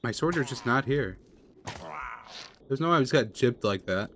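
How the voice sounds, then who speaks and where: A young man giving casual running commentary while playing a video game, chatty and quick to shout in panic during fights. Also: slight background noise. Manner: chatty, excitable, jumps into high-pitched panic during fights. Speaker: gaming video creator. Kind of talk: live gameplay commentary.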